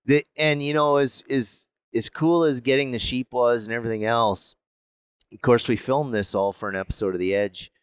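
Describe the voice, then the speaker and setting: A man speaking in a relaxed, reflective way in casual conversation, with frequent fillers. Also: mid-range voice, normal speed, clear, resonant tone, dry recording, studio quality. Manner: reflective, with many fillers like "you know" and "um". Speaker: hunter on a hunting podcast.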